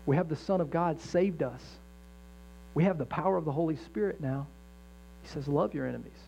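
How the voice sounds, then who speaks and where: A man's voice: on the high side, moderate pace, warm tone. Conversational male pastor preaching a sermon. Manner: conversational, self-correcting, emphatic preaching. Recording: dull lo-fi sound with faint mains hum.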